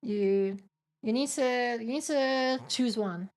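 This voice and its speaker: A woman's voice: on the high side, slow pace. A woman with an Australian accent, streaming and chatting casually in a giggly, rambling way as she reads out viewer comments. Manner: giggly, rambling, with restarts and fillers. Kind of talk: casual chat reading out viewer comments while gaming.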